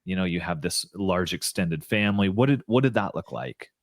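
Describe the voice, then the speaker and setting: A man's voice: low-pitched, animated, normal speed, no echo, studio quality. A man hosting a podcast, asking questions with affirming comments and short interjections. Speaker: podcast host.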